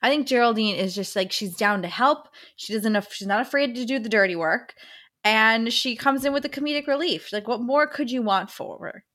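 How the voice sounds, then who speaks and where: Bright, tense-toned woman musing aloud. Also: fairly high pitch, fairly quick. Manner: enthusiastic, thinks aloud. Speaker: podcast co-host. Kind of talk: casual book chat.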